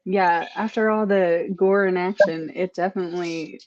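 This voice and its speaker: A woman's voice: lowish voice, fairly even intonation, moderate pace, a little mellow. A woman in a casual book club podcast who is agreeable and laughs easily, heard over dull, lo-fi call audio.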